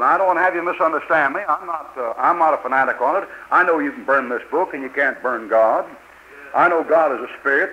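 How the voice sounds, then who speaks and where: Older male preacher, fiery and folksy, higher-pitched, lo-fi vintage tape. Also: a little hiss or hum. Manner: fiery, rhetorical questions, folksy grammar. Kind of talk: sermon. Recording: old lo-fi tape recording.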